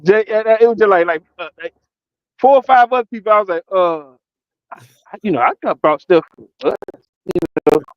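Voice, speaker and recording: A man co-hosting a live show, telling a story in a relaxed chat, acting out what people said and laughing often. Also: high voice, normal speed, long pauses, no room sound, muffled recording. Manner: animated storyteller, acts out quotes, laughs often. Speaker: podcast co-host.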